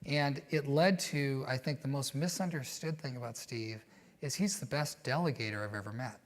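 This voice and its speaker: A man in a conversational interview, mid-pitched and easygoing. He tells his stories in a reflective way, sometimes animated, and drops frequent "you know" fillers as he thinks aloud. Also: moderate pace. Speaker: guest.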